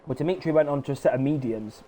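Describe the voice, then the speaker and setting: A young man commentating an online racing league, frantic and sweary, shouting when cars crash. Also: medium pitch, quick pace, slight background noise. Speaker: race commentator. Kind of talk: excitable sim racing commentary.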